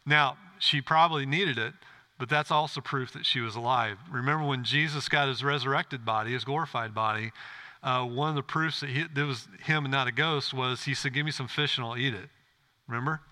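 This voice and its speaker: A man's voice: medium pitch, brisk, bright, forceful tone. A man pastor preaching a sermon in a church, earnest and direct, often asking the congregation questions.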